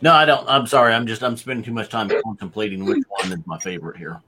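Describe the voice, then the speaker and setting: Relaxed teasing man, noisy room. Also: lowish voice, fast talker. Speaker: co-host. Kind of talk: casual chat.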